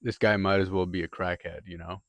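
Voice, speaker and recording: A young man with a lowish voice delivers a rambling, profane monologue, tripping over filler words and restarts. The sound is dry and close, with no room echo. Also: fairly even intonation, a little fast. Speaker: podcaster. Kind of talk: casual monologue.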